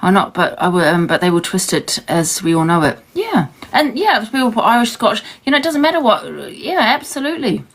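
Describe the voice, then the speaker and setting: A woman's voice: medium pitch, animated, a little fast, hardly any pauses, fairly bright tone. A woman from New Zealand chatting casually on a livestream, rambling and defensive and laughing often. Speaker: livestream host.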